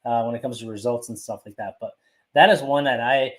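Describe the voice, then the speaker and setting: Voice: mid-range voice, fairly quick. A podcast co-host in casual chat, rambling and repeating words while thinking aloud.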